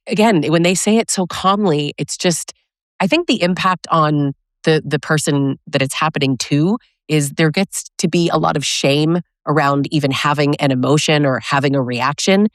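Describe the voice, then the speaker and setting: A woman's voice: sits low, normal speed, no room sound, clean studio sound. A woman podcast host speaking emphatically from personal experience in a casual interview.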